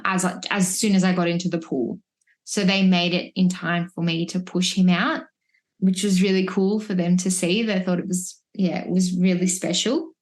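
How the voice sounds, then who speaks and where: A woman, a podcast guest telling her story in a chatty, reflective way, full of restarts. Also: on the low side. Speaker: podcast guest, mother of three. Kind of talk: casual birth-story telling. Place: at home, holding a baby. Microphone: wearing headphones, remote podcast recording.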